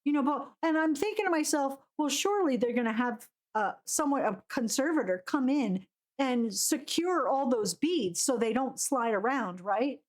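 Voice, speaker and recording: A woman's voice: sits high, lively intonation, moderate pace. A woman streaming a game live, chatting casually and ranting animatedly with frequent laughs. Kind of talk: casual live gameplay commentary.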